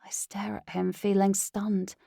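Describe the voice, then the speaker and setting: A woman's voice: medium pitch, flat delivery, unhurried, gravelly, dark tone, dry recording, clean studio sound. A woman narrating a first-person audiobook in an earnest, dramatic reading.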